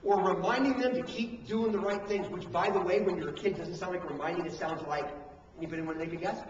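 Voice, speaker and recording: High-voiced preacher in an echoey hall. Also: male voice, quick pace, a little hiss or hum. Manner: animated preaching, acts out parents and coaches, drops to hushed emphasis. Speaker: pastor. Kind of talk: sermon. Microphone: handheld camcorder from the room. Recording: echoey hall, distant camcorder mic, dull sound.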